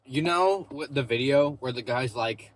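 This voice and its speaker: A man's voice: medium pitch, a little slow. A young man vlogging from his parked car in a parking lot, chatting loosely and casually, full of "bro" and "like". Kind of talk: casual rambling vlog chat.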